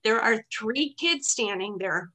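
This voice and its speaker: A woman's voice: a little high, unhurried, noisy background. A middle-aged woman, a teacher, telling a story casually and animatedly, acting out what she said. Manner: animated, acts out her own past words.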